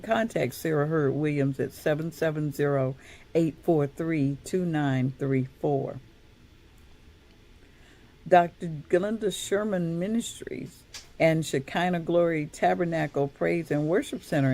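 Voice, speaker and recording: A woman's voice: sits low, dark tone. A woman reading community event announcements in a cheerful, giggly way.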